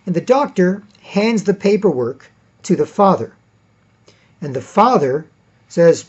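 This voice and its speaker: A commentator delivers a casual monologue in a voice that sits high, with lively intonation and a measured pace. His tone is a little mellow and slightly rough, and the recording's highs are cut off. He's emphatic, repeats himself, and acts out quotes as he goes.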